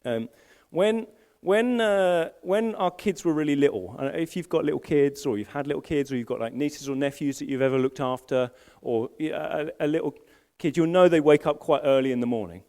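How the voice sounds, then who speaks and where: A man's voice: a little high, moderate pace, hardly any pauses, mellow. A middle-aged man, a senior pastor preaching live at a church service, telling stories with self-deprecating humor and frequent restarts. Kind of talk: live sermon. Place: church service in a school hall.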